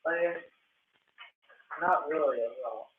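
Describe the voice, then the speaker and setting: A male student giving slow, unsure answers in class. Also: a little high, crowd noise. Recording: phone-like narrow audio.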